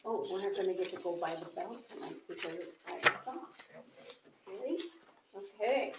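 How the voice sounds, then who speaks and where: A woman chairs a small-town council meeting, moving briskly through the motions and votes. Her voice is picked up from some distance in an echoey chamber, with loud background noise underneath. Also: mid-range voice. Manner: brisk and procedural, calling motions.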